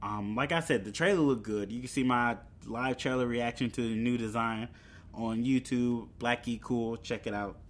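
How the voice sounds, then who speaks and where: A young man hosts a solo podcast, talking casually about movie news with fillers and chuckles. His voice is mid-range and his pace moderate.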